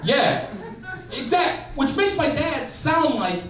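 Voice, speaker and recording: A man's voice: very high voice, sing-song, slow, fairly bright tone. A man from Oklahoma telling casual stand-up stories, full of "like". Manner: casual, storytelling, lots of "like". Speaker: stand-up comedian. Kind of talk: stand-up comedy set. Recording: very echoey room, distant mic, background noise.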